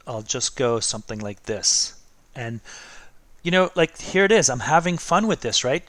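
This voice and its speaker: A man's voice: medium pitch, a bit bright. A middle-aged man teaching art over a drawing demo, chatty and encouraging, checking in with "okay?" and "right?" all the time.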